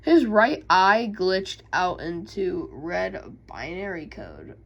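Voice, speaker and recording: A woman YouTuber reading game lore aloud with casual asides, halting and stumbling over words. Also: on the low side, big pitch swings, gravelly, dull audio, a little hiss or hum.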